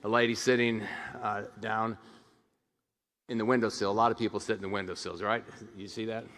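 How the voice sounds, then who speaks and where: A man's voice: fairly low pitch, a little fast. A middle-aged man giving a commencement speech as a hospital administrator, telling stories and acting out the voices of the people in them, with frequent restarts. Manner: animated storyteller who acts out quoted voices, frequent restarts. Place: large ceremony hall. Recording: long reverb of a large hall.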